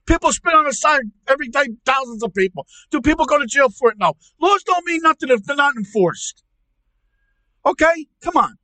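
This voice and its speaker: Man playing an angry uncle, very high voice, piercing and tense, profane stammering rant. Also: lively intonation, a little fast, pushed and bright, dry recording, full character voice, rough recording. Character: loud ranting angry middle-aged uncle. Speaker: comedy podcast character.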